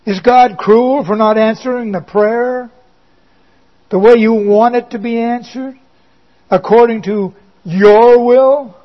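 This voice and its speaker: Male preacher, very high voice, slow deliberate delivery, emphatic with wry asides, muffled lo-fi recording. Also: steady tone. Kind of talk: sermon. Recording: dull lo-fi recording.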